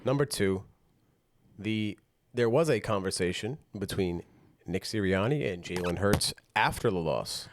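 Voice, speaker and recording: A man's voice: on the low side, measured pace, noisy background. A man hosting a sports podcast, steering the talk and reading out news points in a casual way. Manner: leads the segment, reads out news points.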